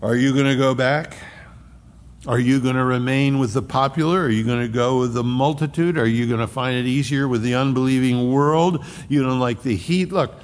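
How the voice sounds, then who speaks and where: A male pastor preaching a sermon. He swings between emphatic, rising outbursts and hushed, low asides. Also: moderate pace. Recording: long reverb of a large hall.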